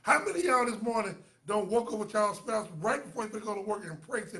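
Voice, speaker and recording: High-voiced preachy man. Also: fast talker. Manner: animated, repetitive, preacher-like exhortation. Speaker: host of a live online talk show. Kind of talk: casual live-stream talk, preachy.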